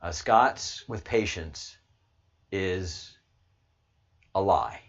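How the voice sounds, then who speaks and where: Male channel host from the US, lower voice, rambling and excitable, loud bursts between mutters, dull lo-fi audio. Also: very slow. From United States. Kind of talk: casual livestream monologue.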